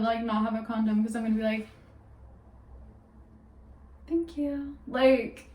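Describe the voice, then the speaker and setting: A woman's voice: fairly high pitch, a little mellow. A young woman vlogger in casual storytime chat, gossipy and full of "like", laughing as she goes. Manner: gossipy, peppered with "like", laughing often. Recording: roomy sound from a distance off the mic.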